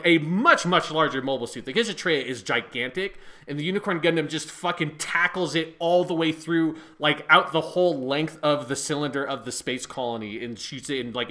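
A man co-hosting a podcast in casual chat, talking excitedly, swearing often and filling his speech with "like". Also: mid-range voice. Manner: excited, swears a lot, fills with "like". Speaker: podcast co-host.

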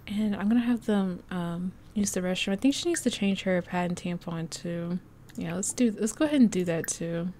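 A woman hosting a let's play, chatting excitedly through her gameplay and laughing often. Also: mid-range voice. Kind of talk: casual gameplay commentary.

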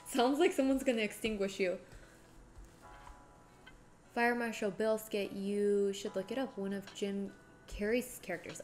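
This cooking streamer talks in a medium-pitched, darkish voice at a measured pace, leaving long pauses. She chats casually with viewers and walks them through each step, with background music clearly heard.

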